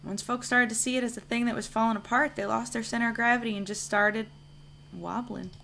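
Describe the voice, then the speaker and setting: A woman's voice: fairly high pitch, fairly even intonation, a little fast, gravelly, a bit bright, slight background noise, pitched above the performer's own voice. A woman reading the lines of a reflective male church janitor from a narrative video game in her own everyday voice, in a musing, matter-of-fact way.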